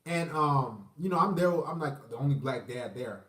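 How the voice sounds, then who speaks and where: A man's voice: mid-range voice, expressive, normal speed, a bit bright, distant mic. A man giving a profane, rambling, casual rant to camera, often breaking into laughter. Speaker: vlogger. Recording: roomy, from the mic.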